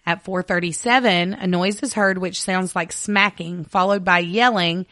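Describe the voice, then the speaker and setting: A woman's voice: on the low side, fairly even intonation, moderate pace, pushed and bright, no echo. Female podcast host, casual true-crime storyteller who reads case details aloud; dry, close recording.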